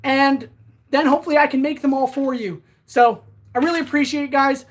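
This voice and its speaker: A woman's voice: high voice, steady tone, a little fast. A woman hosting a casual livestream, winded as she talks between sword swings and answers viewers. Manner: chatty, answers viewers directly. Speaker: blacksmith livestream host.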